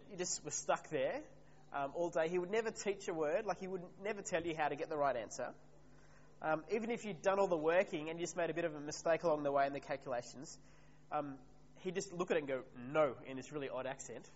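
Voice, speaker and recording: A man preaching a conversational sermon and asking his congregation questions. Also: fairly high pitch. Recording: reverberant hall, slightly dull, faint hum.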